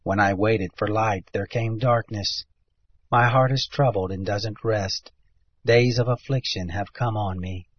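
A man with a husky voice giving a steady, measured reading of scripture. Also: fairly low pitch. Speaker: scripture reader. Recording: dull lo-fi recording.

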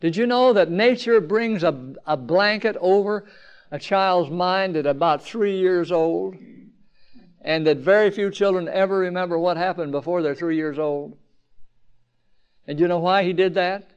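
A man preaching a sermon at a campground meeting, asking the crowd rhetorical questions, swinging from emphatic peaks down to quiet, low passages. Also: measured pace, clear, resonant tone, muffled recording.

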